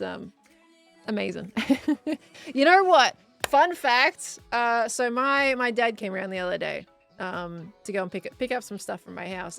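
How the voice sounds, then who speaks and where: A woman's voice: mid-range voice, a bit bright. A woman with an Australian accent, chatting casually on a live stream as she builds and answers viewers. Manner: chatty, reads out chat messages and reacts to viewers.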